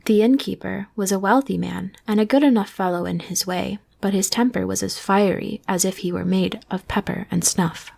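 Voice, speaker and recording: Gravelly hushed woman, whispered role-play. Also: mid-range voice, fairly even intonation, normal speed, few pauses. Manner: soft, hushed bedtime reading. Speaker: storyteller.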